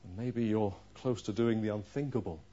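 A man preaching a sermon, pressing his listeners with rhetorical questions and moving between forceful, raised lines and quiet, low ones. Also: moderate pace. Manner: earnest preaching with rhetorical questions, swinging from loud to hushed. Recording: dull lo-fi recording.

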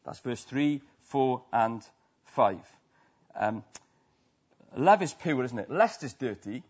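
A man's voice: mid-range voice, lively intonation, slow, darkish tone, slightly rough, lo-fi sound. A man from Wales with a Welsh accent preaching a sermon to a church, talking conversationally with many tag questions.

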